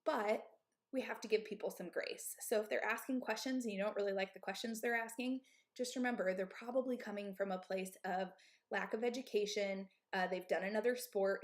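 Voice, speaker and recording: This is a woman in her thirties who runs a gym, speaking candidly to other owners on a live stream. She talks emphatically and checks in with her listeners often. Her voice sits at an ordinary middle pitch for a woman. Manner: candid, emphatic, asks "okay?" and "right?" often. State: out of breath. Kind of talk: live-stream advice talk.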